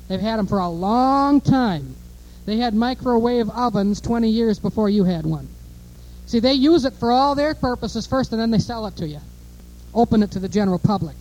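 A man preaching a fiery sermon, emphatic and repetitive, moving between offhand asides and loud declarations. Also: high voice, poor audio.

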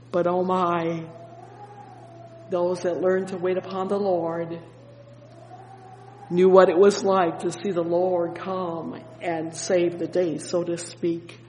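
A man's voice: sits high, darkish tone, echoey room, big-room sound, slight background noise, rough recording. A man preaching a sermon, fervent, often breaking in with "oh yes" and "praise the Lord".

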